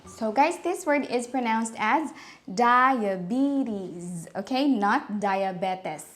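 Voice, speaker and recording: A woman with a Filipino accent giving a casual pronunciation lesson, enunciating each word slowly and deliberately and mixing in Tagalog asides. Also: a little high, expressive, soft background music. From Philippines. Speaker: pronunciation teacher.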